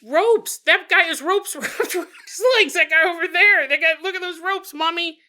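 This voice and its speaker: Guy doing tiny scared preschool boy voice, high and wide-eyed, sees ghosts. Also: normal speed, pushed and bright, exaggerated voice. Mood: excited.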